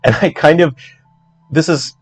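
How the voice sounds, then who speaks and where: A man, an indie game developer, talking through his code in a casual walkthrough, chatty and joking with quick asides. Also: fairly high pitch, steady tone, breathy edge, faint music behind. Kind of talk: casual livestream coding walkthrough.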